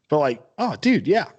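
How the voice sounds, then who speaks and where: A man's voice: sits high, a bit bright, breathy edge. A man co-hosting a podcast, rambling enthusiastically in casual chat and swearing freely. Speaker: podcast co-host.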